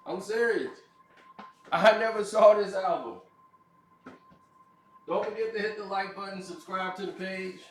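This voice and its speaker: Male commentary host, slow and laughing, set in a roomy, echoey space. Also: sits high, a little hiss or hum. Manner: laughs often, mocking asides. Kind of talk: casual opinion commentary.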